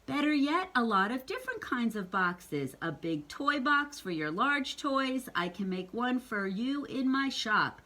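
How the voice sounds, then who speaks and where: A woman's voice: fairly high pitch, big pitch swings, unhurried, few pauses, sharp tone, full character voice. Papa Bear, a woman reading a firm father bear. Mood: eager. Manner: firm, reasonable lecturing. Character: fed-up father bear, calm and fair.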